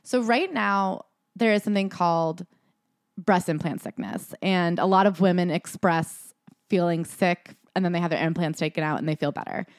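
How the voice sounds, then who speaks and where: A woman's voice: on the low side, normal speed, no room sound, clean studio sound. A woman co-hosting a podcast, giving skeptical, opinionated commentary in casual chat. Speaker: podcast co-host. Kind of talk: casual chat recapping a book.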